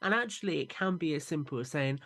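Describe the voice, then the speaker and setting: A man's voice: on the high side, expressive, quick pace, fairly bright tone. A man who manages a charity, speaking in an earnest, encouraging way in an interview.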